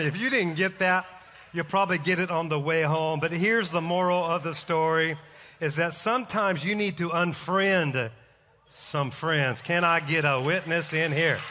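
A middle-aged man preaching a sermon as pastor, energetic and joking as he tells a story. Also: on the high side, moderate pace. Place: church sanctuary. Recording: live hall reverb.

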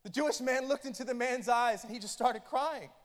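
A high-pitched male pastor delivering an impassioned sermon, his voice swinging from quiet, intimate asides to loud bursts. He sounds middle-aged. A long reverb trails each phrase, as in a large church hall. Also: a little fast. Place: church auditorium.

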